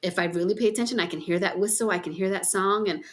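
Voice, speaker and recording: A middle-aged woman hosting a podcast, telling a personal story in an expressive, heartfelt, chatty way with frequent exclamations. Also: medium pitch, fast talker. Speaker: podcast host. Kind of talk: heartfelt casual conversation.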